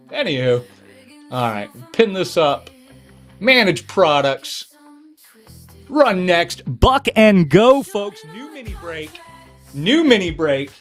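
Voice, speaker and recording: A man hosting a casual live-stream sale, chatting with viewers and doing card tricks as he talks. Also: a little high. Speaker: livestream seller and breaker. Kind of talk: casual livestream selling patter.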